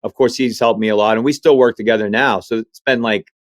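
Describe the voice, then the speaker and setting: A comedian from Maine telling animated stories in an interview, acting out other people's voices as he goes. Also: lowish voice, quick pace, no echo. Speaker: comedian guest. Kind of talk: storytelling interview chat.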